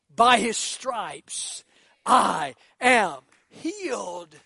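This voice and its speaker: A male pastor preaching a sermon, acting out quoted voices and swinging between hushed, quiet lines and shouted ones. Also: sits high, sing-song, slow, no echo.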